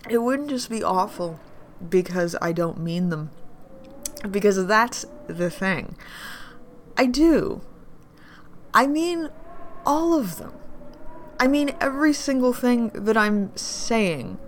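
A woman playing a drunk, grieving woman, gravelly and slow. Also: on the low side, slight background noise. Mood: unsettled. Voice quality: drunken, swings between whispering and raised voice. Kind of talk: audio drama monologue.

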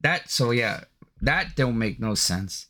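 Man, podcast host, slow deliberate delivery, cursing, incredulous sports rant. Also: mid-range voice. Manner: profane, animated, incredulous ranting.

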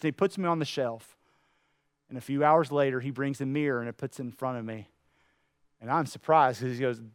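A man preaching a sermon to a room, telling a parable with lively acted-out voices. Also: a little high, no room sound, studio quality. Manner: animated storytelling, acting out voices. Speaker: pastor. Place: room with an audience.

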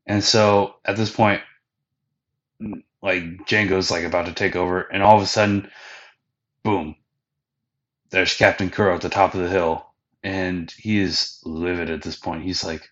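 A man's voice: low voice, fairly even intonation, a little slow, long pauses, fairly bright tone, highs cut off. A man hosting a podcast, giving a loose, slangy recap of anime episodes with plenty of fillers and swearing. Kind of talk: casual recap chat.

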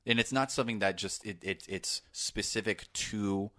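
A man's voice: on the low side, moderate pace, fairly bright tone, no room sound. A man in casual podcast talk about movies, rambling with many restarts and fillers. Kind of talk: casual film discussion.

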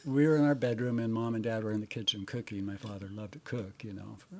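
A man's voice: lowish voice, steady tone, quick pace. An older man telling family stories in casual conversation, laughing often and using many fillers. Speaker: interviewee. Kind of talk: casual storytelling.

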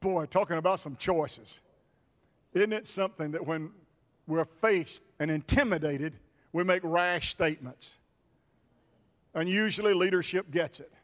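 A pastor preaching a sermon with emphatic repetitions. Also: male voice, fairly high pitch, unhurried, long pauses, a bit bright, big-room sound.

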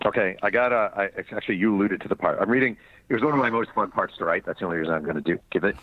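A very low-voiced man heard over a thin, phone-like line, with dry sound and no room. He tells stories with animation, slipping into voices for the people he quotes. A guest author reading from his book. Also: racing, dry recording. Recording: tinny phone-line audio.

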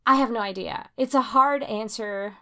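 A woman in casual conversation, rambling and restarting, getting animated when she makes a point. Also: fairly high pitch, normal speed, smooth. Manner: rambling, self-interrupting, animated when emphatic.

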